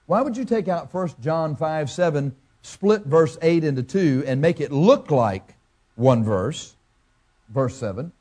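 A man's voice: fairly high pitch, animated, unhurried, dark tone. A man preaching a sermon as a pastor, in a folksy way, with farm comparisons and rhetorical questions. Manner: farm analogies.

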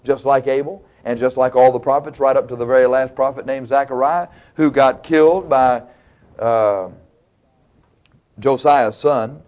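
A man's voice: medium pitch, fairly even intonation, measured pace, a little mellow, lo-fi sound. A man preaching a sermon, retelling stories in a folksy, colloquial, dramatic way. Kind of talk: sermon, storytelling.

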